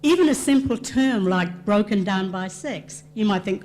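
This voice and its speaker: A woman presenting a cultural awareness session, explaining terms and concepts to an audience with quick asides. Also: mid-range voice, animated, darkish tone.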